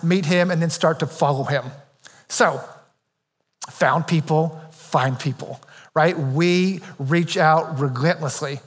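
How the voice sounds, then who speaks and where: A male pastor delivers a sermon in a relaxed, conversational way, cracking jokes and tossing in "right?" to keep the room with him. His voice sits fairly high for a man. The sound carries a long reverb from a large church hall. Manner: conversational and joking, keeps asking "right?". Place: church auditorium.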